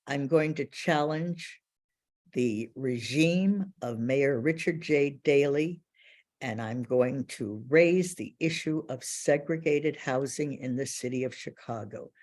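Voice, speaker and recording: A woman quoting a calm, measured older male leader in a low, hushed, confiding delivery. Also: lightly acted.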